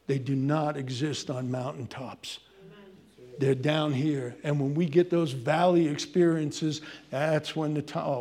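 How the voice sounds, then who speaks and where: A man preaching a sermon, swinging from loud emphasis to hushed pleading as he addresses his congregation. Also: fairly high pitch. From Irish heritage. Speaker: pastor.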